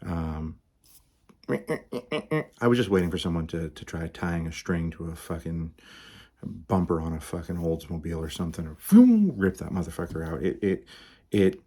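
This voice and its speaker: A man tells a story in a very low, husky voice. He swears constantly and rambles, with plenty of fillers and restarts. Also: moderate pace, darkish tone. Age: 40s. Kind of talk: casual profane storytelling.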